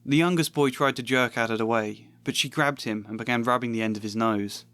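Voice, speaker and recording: Male essayist, mid-pitch, dry close mic, thoughtful and self-questioning. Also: fairly even intonation, a little fast, a bit bright, smooth, dry recording. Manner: reflective, self-questioning, occasional laughs. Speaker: video essayist. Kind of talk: analytical video essay with read-aloud excerpts.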